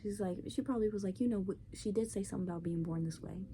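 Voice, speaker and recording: A woman's voice: medium pitch, racing, few pauses, mellow. A woman hosting her own show, ranting bluntly and profanely in a casual opinion monologue. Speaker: podcast host. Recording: faint background noise.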